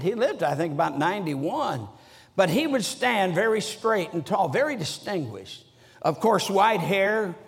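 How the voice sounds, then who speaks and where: A man preaches with a high-pitched voice, swinging from quiet storytelling to sudden shouts and slow, drawn-out lines. His sermon echoes through a large church sanctuary. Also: vocal fry. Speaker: guest preacher.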